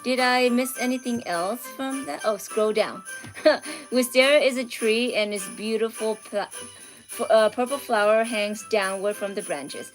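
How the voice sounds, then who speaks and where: Brief: woman art streamer, unhurried, chatty with chat, faint music underneath. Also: fairly high pitch. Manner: chatty, reads out viewer comments, drifts into soft near-whispers. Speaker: art livestream host. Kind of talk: casual livestream chat with viewers.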